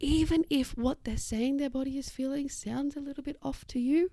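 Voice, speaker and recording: A woman hosting an occupational therapy podcast talks, slightly high but dark and gravelly in tone. She explains things casually and sometimes acts out little quoted voices. The recording is dry and close. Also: moderate pace, no room sound. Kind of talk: casual educational talk.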